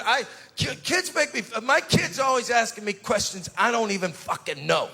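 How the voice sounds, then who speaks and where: A man's voice: extremely high pitch, lively intonation, a little fast, vocal fry, few pauses. A male stand-up comedian telling crude, profane jokes on a club stage. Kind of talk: stand-up routine. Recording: live club recording, loud crowd and noise.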